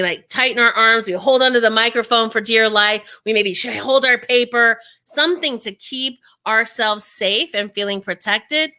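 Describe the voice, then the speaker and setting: Bright, energetic woman speaking coach. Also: a little high. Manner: energetic, acts out inner voices. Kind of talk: interview, explaining techniques.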